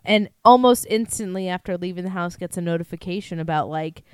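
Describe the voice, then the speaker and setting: A woman telling a crime story in a loose, profane way, laughing between lines. Her voice is smooth and clear, in a dry room with no echo. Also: fairly low pitch, fairly quick, darkish tone. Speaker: podcast co-host. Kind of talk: casual true-crime chat.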